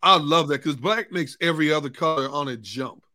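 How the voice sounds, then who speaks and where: Bright, playful man on sports talk. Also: fairly high pitch, a little fast. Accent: Philadelphia area. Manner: playful, teasing, exclamatory. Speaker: sports talk show co-host.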